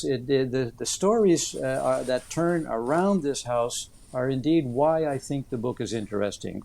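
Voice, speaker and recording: Mellow-voiced older man, halting storyteller. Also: medium pitch, vocal fry. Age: 70s. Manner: thoughtful, many "uh" fillers, earnest storytelling. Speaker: author interviewed about his book. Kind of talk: conversational interview answers.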